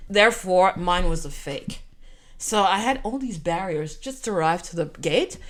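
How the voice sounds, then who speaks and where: Heartfelt Canadian woman, slightly low voice. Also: animated, normal speed, a bit bright. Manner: emotional, repetitive, heartfelt. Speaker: vlogger. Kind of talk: storytime monologue.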